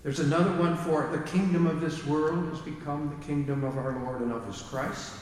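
A man's voice: fairly high pitch, moderate pace, a little mellow. A man giving an informal music lecture, hesitating with fillers and singing short phrases to show the rhythms. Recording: echoey hall from far off.

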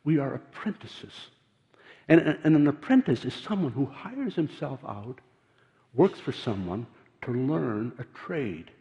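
An older man preaching a sermon, earnest and halting, often repeating words as he tells stories. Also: mid-range voice, big pitch swings, warm tone. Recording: dull sound in a large reverberant hall.

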